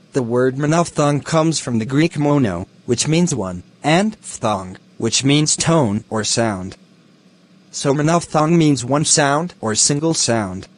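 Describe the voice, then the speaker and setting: Man reading a phonetics lesson. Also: mid-range voice. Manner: slow, careful reading of definitions and example words. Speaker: student presenter.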